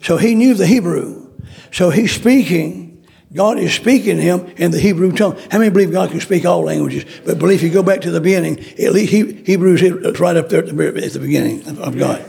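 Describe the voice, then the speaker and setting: A man's voice: high voice, fairly quick, vocal fry, dark tone. A man preaching a sermon, emphatic and repetitive, acting out the voices in the story he tells. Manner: repetitive, emphatic, acts out quotes.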